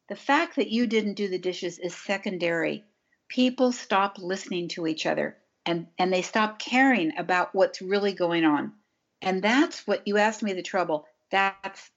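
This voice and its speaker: A woman's voice: mid-range voice, lo-fi sound. A woman giving relationship advice in casual conversation, emphatic and acting out what couples say to each other. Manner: emphatic, acts out couples' dialogue.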